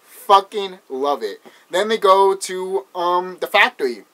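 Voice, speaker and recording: A man's voice: sits high, animated, takes it slowly, noisy background. A man casually retelling a horror movie's plot, rambling, swearing often and laughing as he goes. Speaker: movie reviewer.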